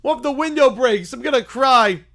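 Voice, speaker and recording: A man's voice: very high voice, expressive, a bit bright, voice pushed up, full character voice. A man doing a whiny bratty cartoon kid. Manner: whining, complaining, drawn-out. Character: whiny cartoon bear-child, bratty and scared.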